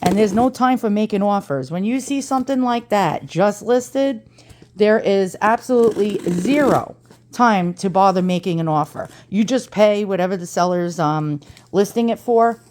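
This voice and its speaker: A woman's voice: mid-range voice, moderate pace, darkish tone, slight background noise. A woman with an East Coast American accent, talking in a chatty and dramatic way in a casual unboxing vlog, swearing freely. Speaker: antiques reseller vlogger.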